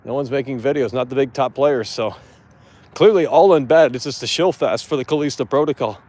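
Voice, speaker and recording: A man's voice: mid-range voice, fairly quick, darkish tone. A man hosting a live gaming show outdoors, talking bluntly and profanely in a casual rant.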